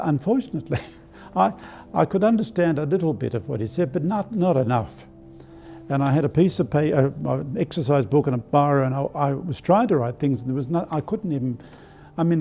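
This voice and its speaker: An older Australian archbishop telling personal stories in a live-streamed spiritual talk, with a gentle anecdotal manner and many fillers. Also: male voice, on the high side, animated, brisk, vocal fry, faint music behind. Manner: warm anecdotal, hesitant with fillers.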